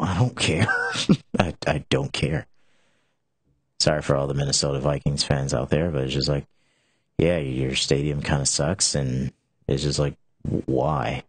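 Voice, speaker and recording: A man's voice: extremely low pitch, breathy edge, no room sound. A young man hosting a casual talk show, rambling with many restarts and filler words. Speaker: show host.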